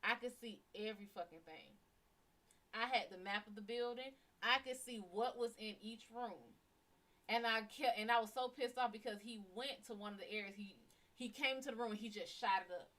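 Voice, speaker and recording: A woman's voice: a little high, moderate pace. Blunt, cussing woman telling a story. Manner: blunt, heavily profane, animated retelling. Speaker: psychic reader and live-stream host. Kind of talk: casual storytelling on a live stream.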